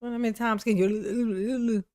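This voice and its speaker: A woman's voice: a little high, fairly even intonation, slow, darkish tone, no room sound, studio quality. A woman streaming live commentary, mocking the clips she plays, laughing often and answering her viewers' chat. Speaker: streamer reacting to court clips. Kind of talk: livestream commentary.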